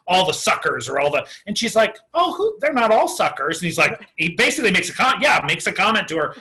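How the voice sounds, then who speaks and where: A man's voice: high-pitched, sharp tone, poor audio. A man guesting on a podcast, eagerly explaining episode details and laughing along. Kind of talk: casual chat about a TV episode.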